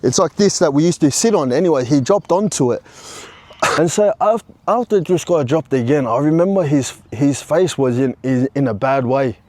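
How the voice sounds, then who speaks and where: Man telling a story, slightly high. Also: moderate pace, warm tone, no echo. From Australia. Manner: conversational, full of restarts, bro and you know. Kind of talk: casual personal storytelling.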